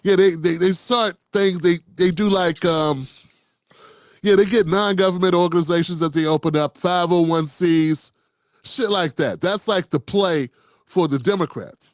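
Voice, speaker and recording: This political commentary host rambles off the cuff, blunt and profane, frequently starting his sentences over. He has a voice that sits high and an unhurried pace, heard in a clean studio recording without room sound.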